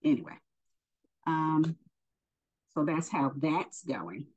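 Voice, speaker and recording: Low, slow-talking woman teaching faith. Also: expressive, slightly rough. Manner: unhurried, hesitant, many fillers. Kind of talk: casual spoken religious lesson. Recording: dull lo-fi recording.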